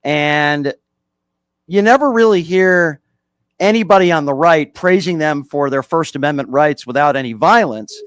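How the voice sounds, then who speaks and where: A man's voice: a little high, moderate pace, fairly bright tone, clean tone, no echo. A male host of a call-in radio show who presses callers with pointed, repeated questions into a studio microphone.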